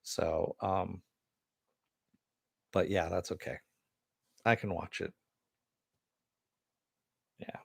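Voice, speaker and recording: A man's voice: sits low, fairly even intonation, extremely slow, creaky, pauses often, husky, no room sound, studio quality. An American man hosting a casual live stream, rambling and reading viewer comments aloud. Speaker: host.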